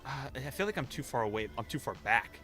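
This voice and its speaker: A man's voice: mid-range voice, animated, fast. A male streamer giving casual live gameplay commentary, muttering to himself in a self-mocking, frustrated way. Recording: game music behind.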